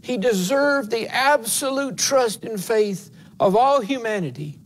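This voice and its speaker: A man's voice: very high-pitched, lively intonation, measured pace, slight background noise. A man, an assistant pastor giving a conversational sermon in a church, earnest and folksy, rising to emphatic passages. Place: church sanctuary.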